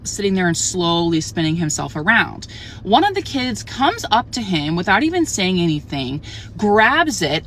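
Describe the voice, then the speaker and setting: Chatty young mom venting, lots of "like". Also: female voice, medium pitch, fairly bright tone, slight background noise. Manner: chatty, many "like" fillers, exasperated. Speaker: mother of a toddler. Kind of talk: casual storytime rant to camera.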